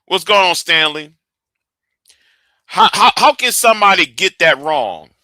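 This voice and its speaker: A man's voice: high-pitched, lively intonation, a little slow, bright, forceful tone, dry recording. A man hosting a live stream, ranting and arguing, often stumbling and repeating his words as he restarts sentences.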